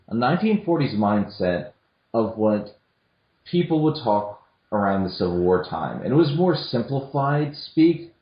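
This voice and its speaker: A young podcast co-host with a mid-range voice discusses films casually, hesitant and full of restarts and fillers. The recording is lo-fi and dull, made in an echoey room.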